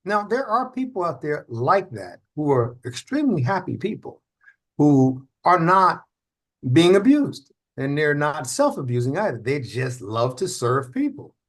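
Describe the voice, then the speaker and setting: A man's voice: fairly high pitch, big pitch swings, unhurried. A man hosting a podcast, explaining ideas in a reflective, conversational way. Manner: reflective, explaining with acted examples. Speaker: podcast host.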